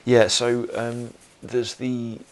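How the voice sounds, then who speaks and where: A man's voice: mid-range voice, monotone, very slow. A man giving a solo film commentary, rambling with many fillers and restarts.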